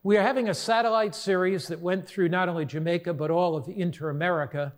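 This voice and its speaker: A middle-aged male pastor preaching a sermon, telling stories earnestly and slowing down for emphasis. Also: high-pitched, steady tone. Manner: earnest storytelling, slows for emphasis.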